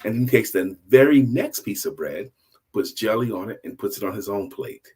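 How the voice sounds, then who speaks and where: An older man hosting a storytelling show, telling a story in a relaxed, conversational, repetitive way. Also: on the low side, moderate pace, husky. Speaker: storyteller host. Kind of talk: casual spoken storytelling.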